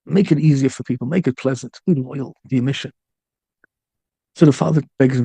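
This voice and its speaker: A male rabbi preaching with feeling, his voice gravelly and mellow, sitting a little high for a man. He keeps circling back over his own phrases and drops in Hebrew and Yiddish words. The sound is close and dry. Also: steady tone, brisk, dry recording. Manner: impassioned, repeats and restarts phrases; mixes in Hebrew and Yiddish terms. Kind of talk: storytelling sermon.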